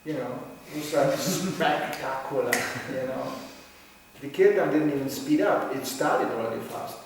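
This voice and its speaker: A man telling lively stories in a talk, acting out voices and laughing often. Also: mid-range voice, a little slow, background noise. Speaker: speaker at a religious gathering. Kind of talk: storytelling talk. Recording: echoey hall, voice from far off.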